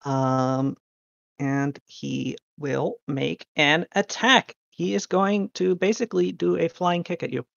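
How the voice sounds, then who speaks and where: A game master narrating a tabletop game in an earnest, deliberate way. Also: mid-range voice, fairly even intonation, gravelly, a bit bright, no room sound, lo-fi sound.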